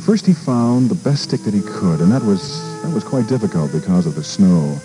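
A man, a radio disc jockey, reading a children's story aloud with an expressive delivery and small stumbles and repeats. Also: fairly low pitch, a little fast, over music, poor audio. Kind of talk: storybook narration.

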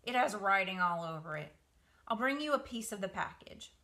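A woman's voice: medium pitch, lively intonation, normal speed, pushed and bright. A woman voicing a grumbling, indignant male barn rat in a children's story reading.

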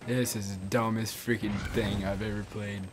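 A young man giving loud, excitable, trash-talking commentary while playing a game against a friend. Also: on the low side, normal speed, noisy background. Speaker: gaming YouTuber.

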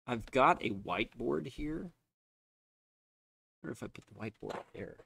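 A man's voice: medium pitch, lively intonation, normal speed, vocal fry, bright, forceful tone, slightly rough. A man chatting casually while streaming a game from his unfinished basement, laughing often and joking at himself. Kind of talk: casual live-stream chat.

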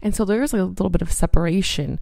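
A woman's voice: fairly low pitch, quick pace, gravelly, dark tone, no echo, clean studio sound. A woman hosting a podcast, talking casually in a bubbly, encouraging way with lots of fillers. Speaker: podcast host. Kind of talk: casual motivational podcast talk.

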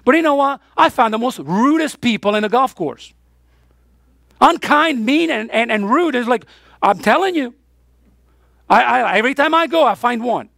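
Woman pastor, sermon delivery, gravelly texture, question-and-answer emphasis, dry close sound. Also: fairly high pitch, expressive, moderate pace, fairly bright tone, dry recording. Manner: emphatic call-and-response questions. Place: church.

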